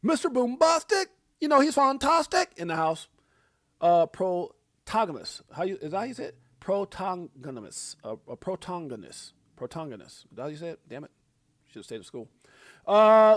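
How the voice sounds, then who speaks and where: A middle-aged man hosting a livestream, calling out viewer shout-outs in a playful, animated, joking way. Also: on the high side, dry recording, studio quality. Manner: animated, playful, joking, drawn-out hype calls. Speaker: livestream host.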